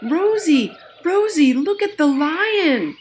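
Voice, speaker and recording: Woman doing a curious boy puppet, bright high voice, excited gasps, slow lively delivery, children's puppet lesson. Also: slight background noise. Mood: eager. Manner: excited, gasping with wonder.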